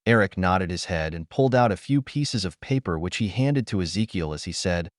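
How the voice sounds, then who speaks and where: A man narrating a fan fiction audiobook with steady storytelling. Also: deep voice, fairly quick, few pauses, no room sound, clean studio sound.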